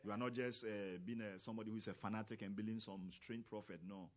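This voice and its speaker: A man preaching a sermon, who talks with grammar, acts out quoted voices and rises to loud, emphatic exclamations. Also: lowish voice, steady tone, quick pace.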